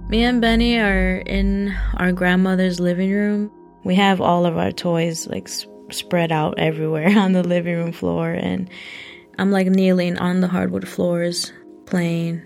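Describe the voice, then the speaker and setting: A woman recounting a personal memory in a casual, halting way, full of "like" fillers. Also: fairly low pitch, level tone, vocal fry, a little mellow, soft background music. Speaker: storyteller. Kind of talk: personal story narration.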